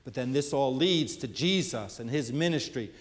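A middle-aged male pastor giving a conversational sermon, quoting scripture and pausing on fillers. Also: mid-range voice, animated, big-room sound. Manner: conversational preaching, quotes scripture, frequent fillers.

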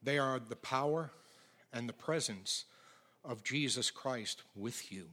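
A middle-aged male pastor preaching a sermon with emphatic swings from loud declarations to near whispers. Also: mid-range voice, takes it slowly.

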